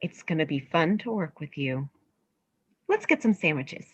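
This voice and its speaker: A woman's voice: low-pitched, sing-song, normal speed, slightly rough, no echo, highs cut off, full character voice. A woman reading the part of a learned, earnest female treasure hunter in a staged play reading.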